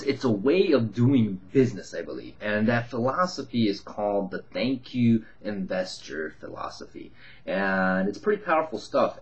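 A man with a fairly low voice tells a rambling story in a loose, casual way. He laughs often and fills his talk with fillers and restarts. The recording sounds dull and lo-fi. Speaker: real estate investor.

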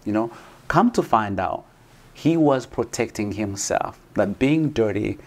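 A man talking as an interview guest, earnest and halting, with many restarts and "you know". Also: fairly low pitch, animated. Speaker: guest, foster parent. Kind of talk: conversational interview.

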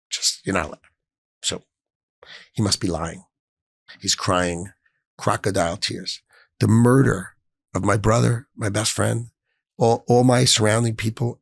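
Gravelly emotional middle-aged New man. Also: lowish voice, no echo, studio quality. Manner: emotional, emphatic, jumps between hushed and raised. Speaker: finance executive, interview guest. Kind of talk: emotional interview storytelling.

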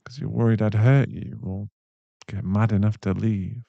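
A young man in a whispered role-play, voicing a caring, protective boyfriend who speaks softly and reassuringly, with a gravelly voice. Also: on the low side, fairly even intonation, no room sound, highs cut off. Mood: tender. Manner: soft, reassuring, slow-spoken. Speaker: ASMR voice actor.

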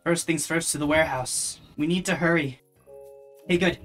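A gamer talking to themself while playing, with dry, sarcastic asides and quiet muttering. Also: mid-range voice, normal speed, faint music behind. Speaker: let's play gamer. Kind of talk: casual gameplay commentary.

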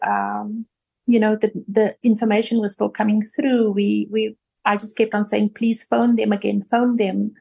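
A middle-aged woman with a South African accent, an interview guest giving an emotional personal recollection in a halting way, with many restarts. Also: mid-range voice, vocal fry, a little mellow, slightly rough.

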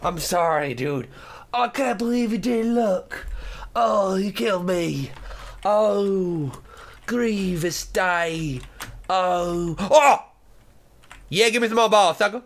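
A young man doing excitable, joking let's play commentary, often shouting and yelping. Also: sits high, slow pace. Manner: excitable, shouts and yelps, jokey. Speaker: gaming commentator.

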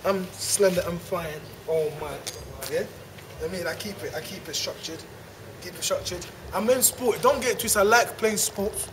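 A man's voice: sits high, moderate pace, noisy background. A man, a stand-up comedian riffing playfully and rambling through a promo to camera. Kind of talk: improvised comic promo to camera.

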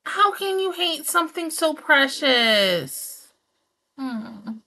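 A woman's voice: high-pitched, big pitch swings, slow pace, sharp tone. A young woman reacting to an anime episode, gushing and squealing over cute animals.

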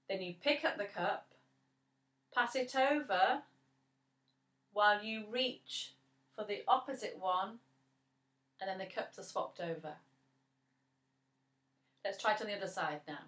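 An English woman teaching a children's music lesson, seated, in a slow, clear voice that counts out beats. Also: medium pitch, fairly bright tone, reverberant. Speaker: primary school music teacher. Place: at home, seated.

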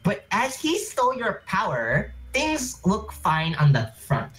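A man's voice: high voice, huge pitch swings, slow pace, crowd noise, exaggerated voice. A man voicing a haughty, menacing male demon while reading game dialogue aloud. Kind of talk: fan voice-over of game dialogue.

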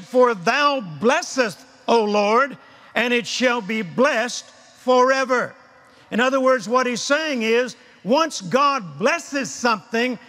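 Older male preacher, drawn-out emphatic delivery, bright tone, large convention hall. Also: extremely high pitch. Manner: emphatic, repetitive, leads crowd call-and-response. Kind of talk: sermon. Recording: long hall reverb.

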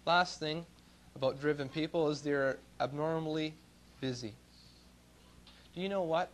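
Folksy preacher with a higher voice. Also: male voice, measured pace. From Canada. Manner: folksy storytelling, swings between loud emphasis and low asides. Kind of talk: sermon. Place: church.

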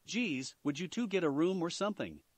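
A man's voice: on the high side, animated, a little fast, no echo. A man voicing a brash, crude teenage ninja girl who mocks others in a fan-fiction reading. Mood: teasing. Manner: mocking, brash. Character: brash crude red-haired teenage kunoichi.

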